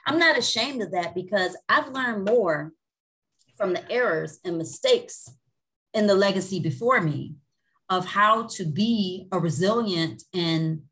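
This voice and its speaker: A woman on a panel sharing a candid personal reflection in a steady voice, with frequent fillers. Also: mid-range voice, a little slow.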